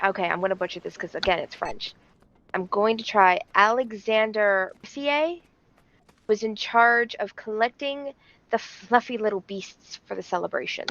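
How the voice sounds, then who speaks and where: A woman streamer telling a playful story in an animated, theatrical way. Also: mid-range voice, dull audio, slight background noise. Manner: animated, theatrical, laughing often.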